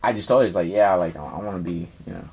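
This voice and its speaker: Husky young man telling a story. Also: low-pitched, very fast. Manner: slangy, profane, animated storytelling. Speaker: rapper guest. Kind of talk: casual storytelling interview.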